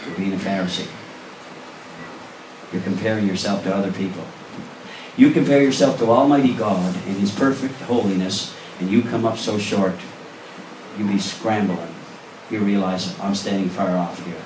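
A man's voice: lowish voice, normal speed, background noise. Earnest male pastor preaching in an echoey hall. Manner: earnest preaching with rising emphasis and direct questions to the congregation. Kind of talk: sermon. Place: church sanctuary. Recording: roomy echo, voice from a distance.

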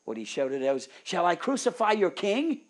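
A man preaching a sermon, moving between hushed, near-whispered pleas and loud, fervent urging. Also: sits high, huge pitch swings, normal speed.

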